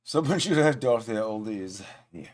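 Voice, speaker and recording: A man's voice: fairly low pitch, expressive, normal speed. A man hosting a reaction video, making sarcastic casual commentary and heckling the clip he plays.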